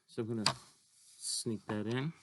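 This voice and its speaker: A man's voice: mid-range voice, steady tone, unhurried, background noise. A man teaching a drawing lesson, talking casually and thinking aloud as he draws. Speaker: art teacher.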